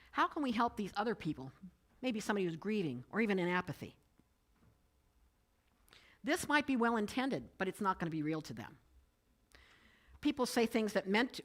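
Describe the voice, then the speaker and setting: A woman giving a conversational church message, telling personal stories and quoting others. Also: medium pitch. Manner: storytelling, animated, quoting others in changed voices. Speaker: speaker giving a Sunday message. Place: church sanctuary.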